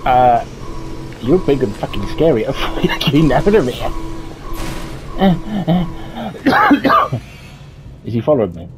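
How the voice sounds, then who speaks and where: Swearing gamer with lively pitch. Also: male voice, slow, long pauses, low-quality recording. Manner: swears a lot and yelps when startled. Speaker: gameplay streamer. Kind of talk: horror game playthrough commentary. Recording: game music loud behind voice.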